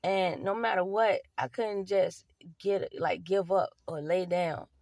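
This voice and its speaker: A woman's voice: on the low side, a little slow, a little mellow, no room sound, clean studio sound. A young woman vlogger telling her own story to camera, candid and street-casual, with plenty of swearing and fillers. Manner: blunt, profane, street-casual talk with many fillers.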